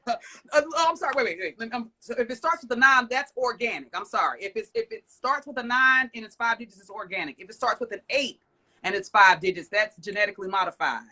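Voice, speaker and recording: A woman guest who owns an urban farming business, chatting casually in a blunt, rambling, animated way. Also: a little high. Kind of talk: casual chat.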